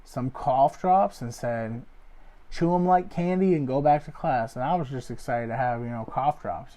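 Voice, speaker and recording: A young man, a comedy show host, rambling through a loose joke monologue full of fillers and deadpan asides. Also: mid-range voice, normal speed. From Ohio area. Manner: loose, filler-heavy, deadpan jokes with acted quotes. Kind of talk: rambling stand-up style monologue.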